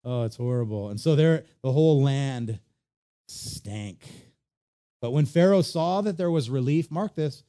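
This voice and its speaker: A man preaching a sermon, animated and conversational, often acting out quoted voices. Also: medium pitch, unhurried. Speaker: pastor.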